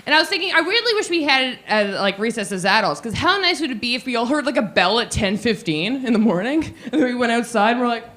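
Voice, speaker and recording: Lively, giggly woman doing stand-up. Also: a little high, fast, hardly any pauses. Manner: playful, giggly, acts out quotes in silly voices. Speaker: stand-up comedian. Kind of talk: stand-up comedy set.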